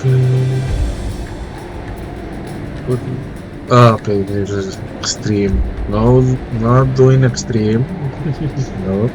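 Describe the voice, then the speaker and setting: A man's voice: mid-range voice, very slow, long pauses, over music, rough recording. A man with a flu, stuffy-nosed and out of breath, muttering casual commentary while playing a game. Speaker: let's play host.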